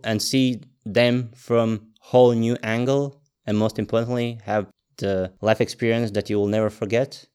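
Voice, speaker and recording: A man hosting a podcast speaks in a smooth, resonant voice. His phrasing is earnest and a little halting as he speaks directly to his guest and to the listeners. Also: mid-range voice, a little mellow. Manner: earnest, slightly halting non-native phrasing. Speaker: podcast host. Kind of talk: casual interview chat.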